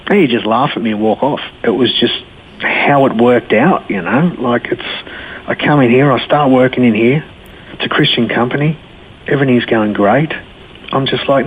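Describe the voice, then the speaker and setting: Man, Australian accent, forties, laid-back storyteller, mid-pitched voice, phone-line sound. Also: moderate pace. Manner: blunt, laid-back storyteller, laughs easily. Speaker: guest sharing his faith story. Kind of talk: telling his life story in an interview. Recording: tinny phone-line sound, faint hiss.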